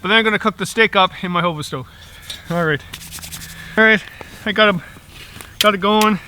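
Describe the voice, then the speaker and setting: His voice is high and sharp, moving at a moderate pace, with a little hiss or hum behind it. This middle-aged outdoor vlogger makes tea on a small stove in the woods, rambling casually and chuckling often.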